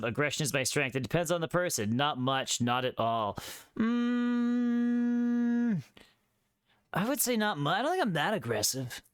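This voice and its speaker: Male streamer, sarcastic and jokey, smooth clear voice on a dry close mic. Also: on the high side, fairly bright tone, no room sound. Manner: sarcastic, jokey, reads quiz questions aloud. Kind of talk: casual live gameplay commentary.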